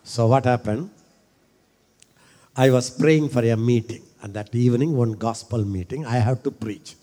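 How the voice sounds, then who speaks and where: A middle-aged man preaching a sermon. He repeats his phrases and builds from quiet talk to shouting. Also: medium pitch, moderate pace, long reverb tail.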